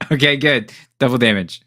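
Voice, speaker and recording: A man's voice: medium pitch, sharp tone, no room sound, clean studio sound. A man running a tabletop game as game master, narrating casually with many fillers and chuckles.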